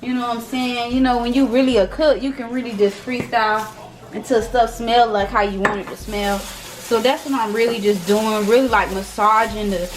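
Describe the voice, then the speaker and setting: A woman's voice: fairly high pitch, steady tone, moderate pace, noisy background. A young woman chatting casually and teasingly while she cooks for her channel. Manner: playful, teasing, slangy. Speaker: cooking vlogger. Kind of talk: casual cooking chat.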